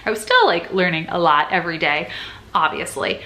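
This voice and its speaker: Young female nurse vlogger, casual and earnest, slightly low pitch, faint room noise. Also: animated, a little fast, pushed and bright. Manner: chatty and earnest, acts out her own past worries. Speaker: nurse sharing advice. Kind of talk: casual vlog chat.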